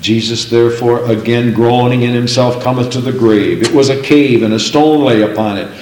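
A man's voice: medium pitch, normal speed, darkish tone. Folksy preacher man in an echoey room. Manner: folksy storytelling, rising to fervent emphasis when reading. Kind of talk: sermon with scripture reading.

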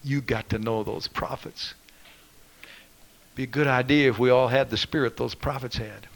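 A man preaching a fervent sermon, reading scripture in a ringing voice and swinging between loud proclaiming and hushed asides. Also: mid-range voice, steady tone, normal speed, gravelly, poor audio.

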